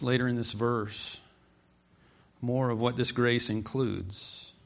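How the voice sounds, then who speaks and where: A man preaching an expository sermon, earnest and emphatic, reading scripture aloud and explaining it. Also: fairly high pitch.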